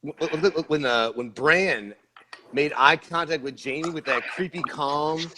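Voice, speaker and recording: A man talking casually on a podcast panel, animated and joking, often stammering and restarting his sentences. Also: fairly high pitch, a little slow, noisy background. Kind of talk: casual sports-podcast chat.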